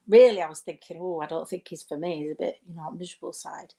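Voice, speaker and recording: A woman's voice: fairly high pitch, quick pace, few pauses, mellow. A middle-aged woman delivers a stand-up set into a laptop mic at home. She talks in a chatty, rambling way, full of self-mocking asides and little checks with the audience. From United Kingdom. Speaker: stand-up comedian. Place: home during lockdown. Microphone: webcam or laptop mic.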